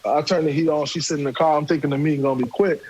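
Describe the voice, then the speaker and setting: A man, casually telling a profane, animated story and acting out what people said. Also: fairly high pitch, very fast, a little hiss or hum, rough recording. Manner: animated, profane, acts out quotes. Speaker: podcast guest storyteller.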